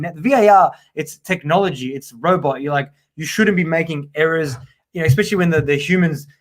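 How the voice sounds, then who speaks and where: A man's voice: on the high side, fast talker. A man co-hosting a live football fantasy show in chatty, rambling, emphatic casual talk. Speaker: podcast co-host. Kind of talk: casual live-stream chat.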